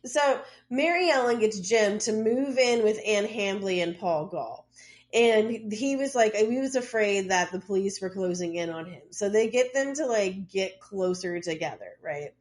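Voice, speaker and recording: A woman podcast co-host telling a story in a relaxed, chatty way. She keeps her pitch in a middle range, drifts into wry asides and fills her sentences with "like" as she goes. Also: unhurried. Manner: chatty, loose retelling with lots of "like" and wry asides. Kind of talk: casual true-crime storytelling.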